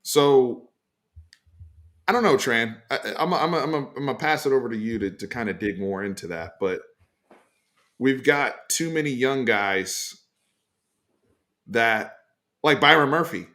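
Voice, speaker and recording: A man hosting a casual sports talk show, giving emphatic opinions in a loose, animated way with frequent fillers. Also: medium pitch, a little slow, pauses often. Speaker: sports podcast host.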